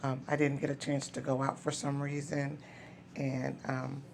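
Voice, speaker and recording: A hoarse woman with a gravelly, gruff rasp, talking in a flat, even tone. She walks through her craft supplies in a relaxed show-and-tell, with plenty of "um"s. Clear background noise runs under a home recording. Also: extremely low pitch. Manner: unhurried, many "um" fillers. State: hoarse, voice not yet recovered. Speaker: craft seller and vlogger.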